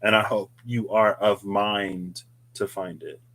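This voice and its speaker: Male tarot host, lowish voice, casual reflective monologue with wandering tangents. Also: level tone, slow pace, fairly bright tone. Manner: rambling, musing, chatty asides. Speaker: tarot reader, channel host.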